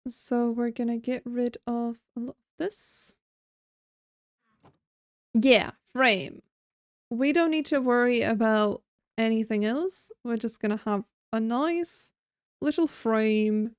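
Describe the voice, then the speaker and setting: A woman's voice: a little high, slow pace, clear, resonant tone, no room sound, clean studio sound. A woman streaming a game, chatting casually and thinking aloud while she builds, mocking herself now and then. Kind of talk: casual gameplay commentary.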